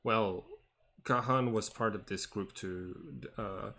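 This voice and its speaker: Lower-voiced male game master, slow, halting, filler-heavy improv on a call. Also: vocal fry, a bit bright. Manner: hesitant, halting, many fillers and restarts. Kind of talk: improvised tabletop game narration and in-character talk. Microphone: online voice call.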